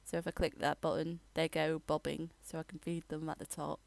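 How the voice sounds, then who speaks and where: A woman rambling through a casual game voiceover, halting and restarting as she tours her builds. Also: deep voice, flat delivery, vocal fry, dry recording. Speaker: gamer giving a tour.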